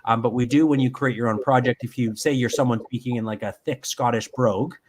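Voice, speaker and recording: Man, software demo, explanatory, halting with ums, mid pitch. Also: fairly even intonation. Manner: explanatory, many ums and restarts. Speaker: software demonstrator. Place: home.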